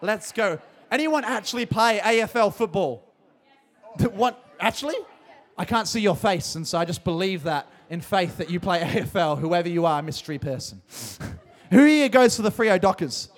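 A young Australian man, a youth pastor, hosting a youth service in a big hall, hyped and jokey, often shouting out to the crowd. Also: high-pitched, lively intonation, moderate pace. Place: large hall with live audience.

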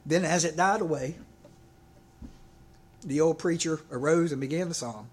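A man's voice: fairly high pitch, normal speed, husky. A man preaching a sermon in a conversational way, often repeating words and asking the congregation for an amen. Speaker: pastor.

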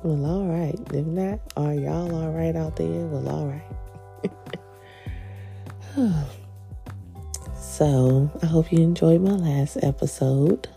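Nasal, gravelly low-voiced woman podcaster. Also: takes it slowly, pauses often, mellow, soft background music. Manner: laid-back, chatty, laughs often. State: stuffy, nasal with phlegm. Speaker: podcast host. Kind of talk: casual chat.

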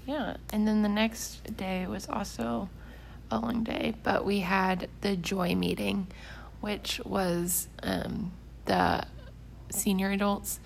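A woman's voice: mid-range voice, steady tone, slow pace, gravelly, a little hiss or hum, rough recording. A young woman with the hiccups, chatting casually and rambling through a trip recap with lots of fillers. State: has the hiccups. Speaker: volunteer recapping a church trip. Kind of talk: casual chat.

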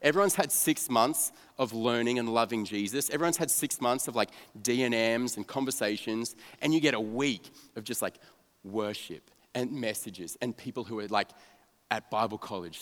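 A young man, a youth pastor, telling a story of his own to an audience in a self-mocking, animated way, dropping to a flat mumble for his cynical asides. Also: lowish voice, normal speed. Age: young adult. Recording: long reverb of a large hall.

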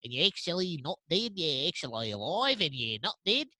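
A man voicing an Australian version of the butler Alfred, in a loud, bossy, excitable way. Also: a little high, brisk, crowd noise, voice pushed up. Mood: musing. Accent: put-on Australian.

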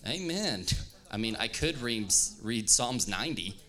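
Playful male pastor, bright tone, animated delivery, reads scripture. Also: mid-range voice, measured pace. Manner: playful, joking with the audience, reading scripture aloud. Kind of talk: lively youth-service sermon with scripture reading.

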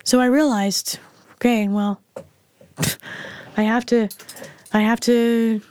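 A woman's voice: on the high side, steady tone, takes it slowly, darkish tone, smooth, no room sound. A middle-aged woman telling a candid personal story as an interview guest, frank and blunt in how she speaks. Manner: frank and blunt, plain-spoken. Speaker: interview guest, mother of the host.

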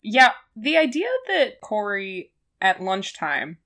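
Woman podcast co-host, animated, laughing reactions. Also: mid-range voice, slow. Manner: giggly, amused reactions. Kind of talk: casual chat.

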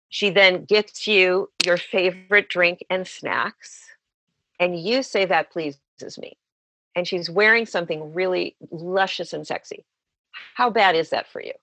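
A woman's voice: mid-range voice, sharp tone, no room sound, rough recording. A woman therapist telling the story of a client session and acting out both sides of the conversation. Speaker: sex therapist. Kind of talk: storytelling in an interview.

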